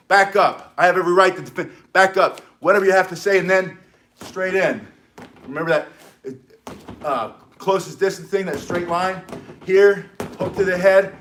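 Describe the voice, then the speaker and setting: Brief: slightly hoarse man, self-defense instructor, excitable rambling delivery, voice sits a bit high. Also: background noise. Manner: excitable, rambling, talks to a live audience. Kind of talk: live instructional demonstration.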